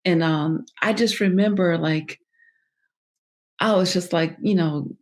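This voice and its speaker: A woman as a podcast guest, telling a personal story in a halting way, full of fillers and restarts. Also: fairly low pitch.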